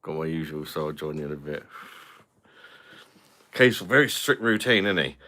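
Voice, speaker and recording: A British man hosting a relaxed live stream, talking over drinks and reading out comments from viewers. His voice sits low, yet it has a bright, forceful edge. He chats loosely and swears freely. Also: normal speed. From London. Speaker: beer review channel host. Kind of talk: casual live-stream chat.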